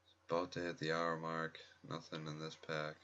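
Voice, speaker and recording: A man giving quiet, rambling casual commentary at home during a game pack opening, often restarting his sentences. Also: rumbling low, monotone, normal speed, smooth, dull audio. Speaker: gaming video creator. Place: home room at night next to a laptop. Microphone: laptop mic close by.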